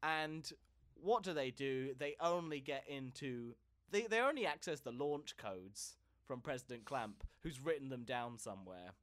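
A man's voice: medium pitch, animated, measured pace, few pauses, a bit bright. A man co-hosting a comedy podcast, telling a story casually, often repeating words as he goes and laughing. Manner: stammering repetitions, frequent laughs. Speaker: podcast co-host.

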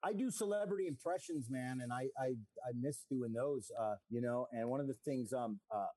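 A man's voice: mid-range voice, a little fast, a crowd in the background. A middle-aged man, a comedian telling rambling, self-mocking jokes over a video call.

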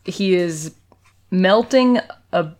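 A woman co-hosting a chatty podcast, recapping an episode scene by scene. She acts out the characters' lines as she goes and giggles often. Her voice sits a little low. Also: extremely slow. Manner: animated retelling, acts out quotes, giggly. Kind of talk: casual chat.

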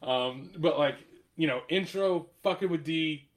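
A man hosting a podcast in casual chat, animated, laughing often and swearing, with lots of filler words. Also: fairly high pitch, unhurried. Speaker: podcast host.

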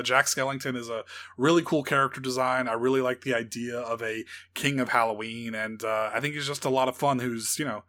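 A man's voice: mid-range voice, pushed and bright. A man co-hosting a podcast, chatting casually and enthusiastically about films, teasing his co-host and laughing easily. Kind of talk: casual film chat.

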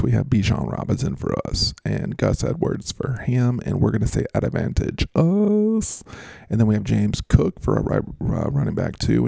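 A man hosts a fantasy football show, chatting casually and joking as he goes. His voice is low and gravelly with a dark, mellow tone, and it sounds dry and close. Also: no echo. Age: adult, works as a schoolteacher. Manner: jokey and rambling, with frequent laughs. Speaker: fantasy football podcast host. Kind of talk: casual chat.

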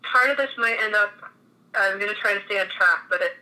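A woman's voice: medium pitch, brisk, bright, forceful tone, low-quality recording. A woman in her thirties from Minnesota, telling her own story in a chatty way with many restarts. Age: 30s. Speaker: guest. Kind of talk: casual interview conversation.

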